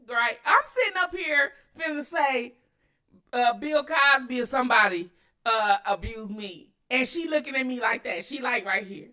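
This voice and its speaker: A woman hosting her own channel, giving loud, cussing commentary on video clips and talking straight to her viewers. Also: high voice, normal speed. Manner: animated, cussing, addresses viewers directly. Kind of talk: casual commentary while watching clips.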